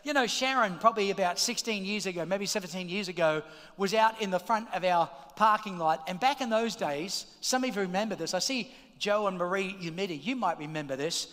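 A middle-aged man preaching a sermon as pastor, energetic and calling out to the congregation in a large church auditorium. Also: high-pitched, a little fast. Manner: energetic, shouting calls to the congregation. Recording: long hall reverb.

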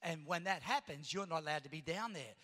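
A middle-aged man preaching a sermon as pastor, telling a story and then rising to loud preaching. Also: fairly high pitch, expressive, brisk. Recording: long hall reverb.

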